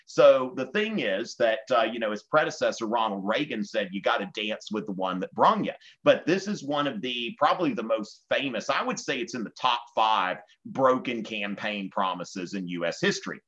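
A man's voice: mid-range voice, animated, moderate pace, hardly any pauses, fairly bright tone, muffled recording. A man from Virginia with a Southern US accent, teaching history in a conversational exam-prep lecture with many fillers.

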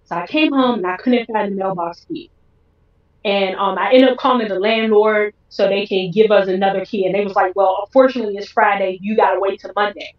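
A woman's voice: mid-range voice, fairly even intonation, brisk. A woman guest on an interview show, telling her personal story with feeling and acting out what others said. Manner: emotional, acts out quoted dialogue. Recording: roomy, distant, dull sound.

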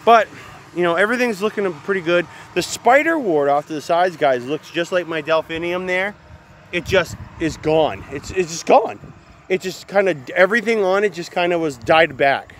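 A man's voice: fairly high pitch, fairly bright tone, slight background noise. Chatty man touring his garden outdoors. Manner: chatty, keeps addressing viewers as guys. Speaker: gardening vlogger. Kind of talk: casual walk-through vlog.

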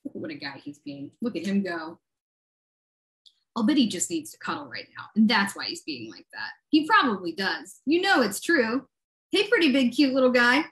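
A woman poet performing her own poem aloud, cooing in baby talk and breaking into low, cursing asides. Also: wildly swooping pitch, moderate pace, a bit bright. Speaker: guest poet. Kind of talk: performance poetry reading.

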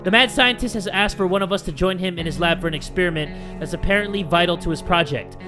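A young man playing a survival game, reading its text aloud and reacting with excitable, sometimes profane commentary. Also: sits high, quick pace, over music. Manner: excitable, reads game text aloud, swears, yells at setbacks. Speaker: gaming YouTuber. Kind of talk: let's play commentary.

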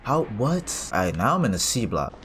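A man's voice: medium pitch, sing-song, moderate pace, a bit bright, slight background noise. A man commentating his horror game playthrough, reacting in panic with casual slang. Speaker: gaming streamer. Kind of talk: let's play commentary. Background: game music.

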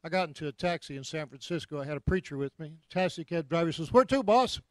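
A man preaching, telling anecdotes with lively delivery and repeated punchlines. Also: fairly high pitch, fast talker, no room sound. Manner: animated storyteller, repeats punchlines. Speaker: guest preacher. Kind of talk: anecdotal sermon. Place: church.

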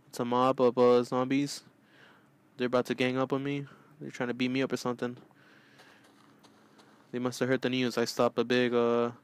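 Goofy, excitable man doing game commentary. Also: medium pitch, clear, resonant tone. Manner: goofy, excitable, often yelling out. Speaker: gaming channel host. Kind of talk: let's play commentary.

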